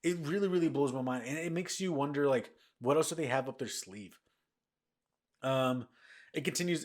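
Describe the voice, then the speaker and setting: A man's voice: on the high side, normal speed. Rambling young man hosting gaming news. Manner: rambling, repeats words, excited restarts. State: tired, yawning. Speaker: gaming news podcast host. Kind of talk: casual news chat.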